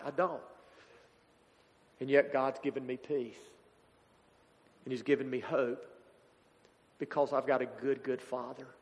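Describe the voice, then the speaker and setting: A man, preaching a sermon as a pastor, halting and emotional as a grieving father. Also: mid-range voice, a bit bright. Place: church sanctuary. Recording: church hall reverb.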